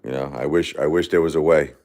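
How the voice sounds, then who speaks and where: A grief-stricken man in his forties hosts a casual livestream and answers comments as they come in. His voice sits extremely low. His speech is halting and repetitive, full of restarts and fillers. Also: fairly even intonation, a little mellow. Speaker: livestream host.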